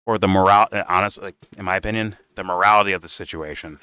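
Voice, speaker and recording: A man with a lowish voice, smooth and clear, reacting to a debate clip. He mocks the speakers with sarcasm and curses often. The sound is dry and close to the mic. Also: quick pace, few pauses, a bit bright, no echo. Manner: sarcastic and mocking, swears freely. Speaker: commentary streamer. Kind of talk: reaction commentary.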